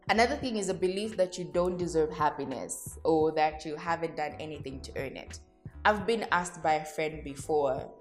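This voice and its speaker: A woman hosting a solo podcast, speaking candidly and reflectively to her listeners, addressing them directly and laughing at herself. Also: low-pitched. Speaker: podcast host.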